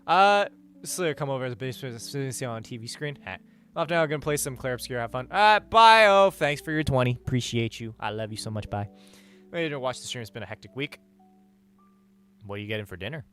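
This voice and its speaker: A man's voice: mid-range voice, animated, fairly quick, a bit bright. A man streaming live, chatting casually with his viewers, rambling and joking with lots of swearing and "like". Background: faint music.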